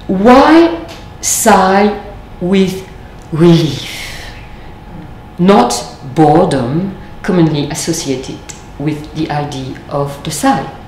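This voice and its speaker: A woman with a lowish, slightly mellow voice lectures reflectively in an echoey space, faint noise audible in the background. French is her first language, and she speaks thoughtfully with deliberate pauses.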